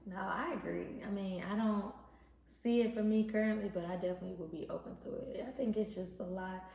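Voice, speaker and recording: A woman's voice: mid-range voice, steady tone, fairly quick, creaky, mellow, roomy sound. A woman co-hosting a casual podcast, loose and laughing, sometimes tripping over her words. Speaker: podcast co-host.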